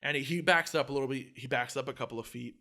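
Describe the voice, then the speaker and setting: Fast-talking animated young man. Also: medium pitch. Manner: animated storyteller, acts out quotes, heavy filler "like", swears a lot. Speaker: podcast co-host. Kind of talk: casual chat.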